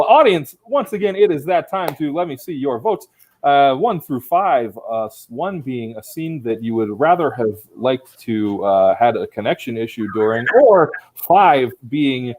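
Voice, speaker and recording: Speaking into a laptop mic on a video call from home, a man hosts and judges an improv contest in an ordinary mid-range voice that's a little mellow, on a rough recording. His casual comedic emceeing rambles and mocks himself, and he hands out judgments with playful mock sternness.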